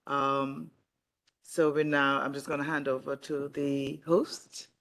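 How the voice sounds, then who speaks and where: A woman chairing a formal meeting, giving brief, calm opening remarks with some fillers. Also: extremely low pitch, takes it slowly.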